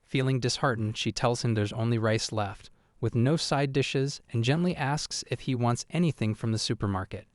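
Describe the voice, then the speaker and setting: A man narrates a story at a steady, even pace, in a voice of ordinary middle pitch. The sound is dry and close, with no room around it. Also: moderate pace, few pauses, no room sound.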